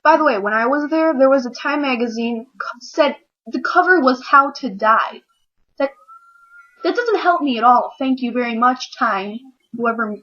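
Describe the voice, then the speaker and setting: A teenage girl ranting casually to camera, rambling and acting out little scenes in quick voices. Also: high voice, fairly bright tone, highs cut off. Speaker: vlogger. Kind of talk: casual comedic rant to camera.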